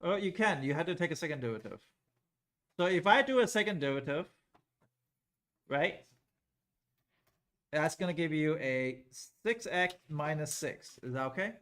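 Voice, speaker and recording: A man leads a live classroom calculus lesson, his voice sitting a bit high. He talks loosely and conversationally, pausing often to check whether the students are keeping up. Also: lively intonation, a bit bright. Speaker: calculus teacher.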